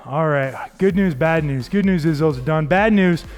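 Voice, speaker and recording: A man with a slightly higher voice coaches a home workout, steady and encouraging as he calls out form cues and counts reps. Soft music plays faintly underneath. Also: moderate pace. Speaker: fitness coach.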